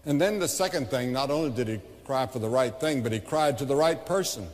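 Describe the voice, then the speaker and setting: A man's voice: medium pitch, lively intonation, fairly quick, few pauses. A man, preaching a revival sermon with impassioned, dramatic storytelling that acts out the characters. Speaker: evangelist preacher. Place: large indoor arena. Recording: echoey 1989 arena sermon recording.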